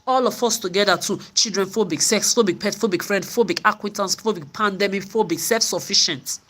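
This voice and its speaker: Angry woman ranting hoarsely. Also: medium pitch, fairly quick, fairly bright tone. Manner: confrontational, ranting, repetitive. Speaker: vlogger. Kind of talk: angry monologue to camera.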